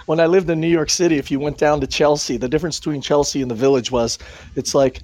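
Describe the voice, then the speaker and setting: A man's voice: on the high side, fairly even intonation, quick pace, a little mellow. A man co-hosting a casual podcast in a joking, teasing manner. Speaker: podcast co-host.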